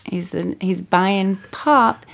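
Slow-talking laughing woman storyteller. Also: medium pitch, vocal fry, fairly bright tone. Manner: laughs often while telling stories. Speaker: podcast co-host. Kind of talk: casual storytelling chat.

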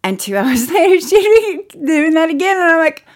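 A woman's voice: extremely high pitch, big pitch swings, moderate pace. Podcast lady telling a story, swearing a bunch, does the voices of what folks said. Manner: chatty, profane, acts out quotes. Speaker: podcast co-host. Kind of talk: casual chat.

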